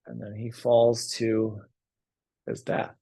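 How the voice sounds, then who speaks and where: A man teaching a yoga class, telling a story in a calm, unhurried way between posture cues. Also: medium pitch, vocal fry, husky.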